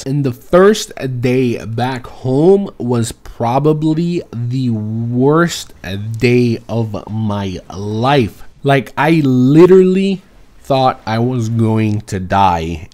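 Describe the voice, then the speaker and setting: A young man at a middle pitch tells a story in a loose, rambling way. He swears a lot and sounds exasperated as he talks through it casually. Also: a little mellow. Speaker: vlogger telling a personal story.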